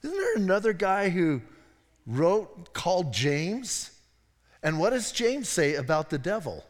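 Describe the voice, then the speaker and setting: Male pastor, slightly higher voice, casual digressive sermon, long hall reverb. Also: measured pace. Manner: conversational, digressive, animated asides. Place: church sanctuary.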